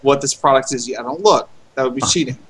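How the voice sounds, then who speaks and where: A man co-hosting a game stream in casual chat, with dry, deadpan jokes. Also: mid-range voice, fast talker, slightly rough. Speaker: co-host.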